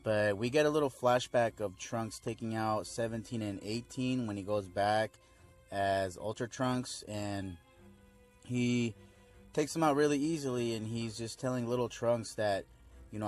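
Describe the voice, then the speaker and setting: A man's voice: fairly low pitch, fairly even intonation, normal speed, faint music behind. Laid-back young man rambling a recap. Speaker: fan video reviewer. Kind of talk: casual episode recap.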